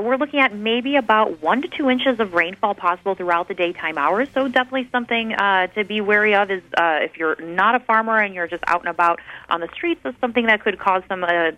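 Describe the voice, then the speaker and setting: A woman meteorologist giving a weather forecast and chatting casually, with quick talk and lots of fillers. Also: medium pitch, sharp tone, poor audio.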